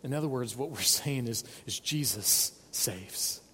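A man's voice: medium pitch, animated, measured pace, pushed and bright, husky, big-room sound. A man preaching a sermon as pastor, earnest and pleading, stressing points by repeating words. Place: church sanctuary.

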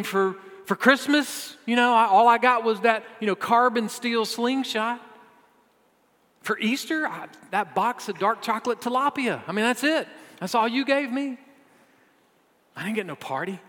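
A man's voice: high voice, sharp tone, long reverb tail, voice pushed up, heavily acted. A man voicing a resentful older son, ranting in an exasperated, comically exaggerated complaint. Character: resentful grown older son, whiny and indignant.

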